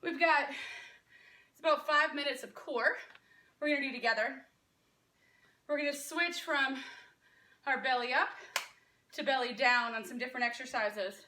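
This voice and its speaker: A woman's voice: high-pitched, unhurried, pauses often, sharp tone, roomy sound, recorded from a distance, a little hiss or hum. A woman in her thirties coaching a home workout, upbeat and encouraging, out of breath. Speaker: fitness instructor. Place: room at home.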